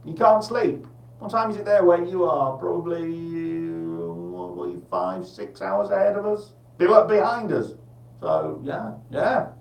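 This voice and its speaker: A man's voice: fairly high pitch, big pitch swings, unhurried, roomy sound, far from the mic, low-quality recording. A man hosting a live breakfast radio show, rambling and jokey in a casual, chatty way.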